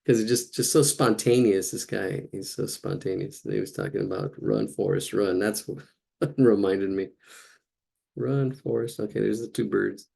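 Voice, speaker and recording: Male drawing instructor, lowish gravelly voice, rambling and relaxed as he sketches live. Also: normal speed. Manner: rambling, chatty, thinks aloud while drawing. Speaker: drawing teacher. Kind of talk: casual live drawing lesson.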